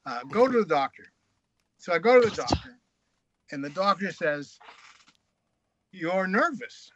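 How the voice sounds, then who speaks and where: A man, a guest author, telling crude, frank stories in a casual, animated way. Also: fairly high pitch, normal speed, highs cut off, background noise. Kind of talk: casual anecdotal storytelling.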